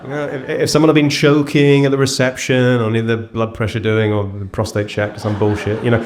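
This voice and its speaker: A man's voice: medium pitch, little pitch movement, a little fast, background noise. A young English man doing stand-up comedy on stage, self-mocking and rambling in his delivery. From England. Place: on stage before a live audience.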